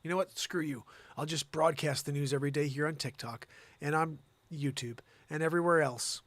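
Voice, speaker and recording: A man's voice: fairly high pitch, brisk, a bit bright, dry recording. A man hosting a comedy news livestream, ranting and sarcastic, with swearing asides.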